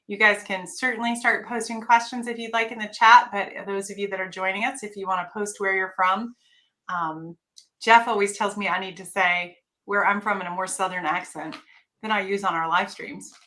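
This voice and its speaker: Upbeat woman host on a live stream, bright tense voice, chatty, greets folks by name. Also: medium pitch, steady tone, moderate pace. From North Carolina. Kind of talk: casual live stream chat.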